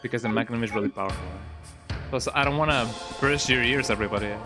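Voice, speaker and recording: A man streaming a video game, giving relaxed, rambling commentary with joking asides. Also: mid-range voice, fast. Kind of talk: casual gameplay commentary. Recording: game capture with loud music. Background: game music and sounds.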